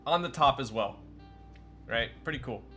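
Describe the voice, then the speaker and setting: A man's voice: mid-range voice, expressive, normal speed, pushed and bright. A young man streaming live, chatting casually and joking at his own expense while building a keyboard and answering his chat. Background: faint music.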